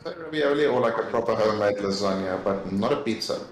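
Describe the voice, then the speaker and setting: A man with an Australian accent co-commentating a sim race, relaxed and analytical. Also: lowish voice, fast, roomy sound, a little hiss or hum, poor audio.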